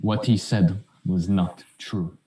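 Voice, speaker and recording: A man's voice: sits low, steady tone, slow pace, dark tone. A man playing a tabletop game, blunt and confrontational in character. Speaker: player. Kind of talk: tabletop role-play. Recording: echoey room with faint noise.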